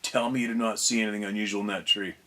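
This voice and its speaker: A man's voice: lowish voice, level tone, very fast, bright, forceful tone. A man reading aloud the insistent lines of a defiant teenage boy in a story.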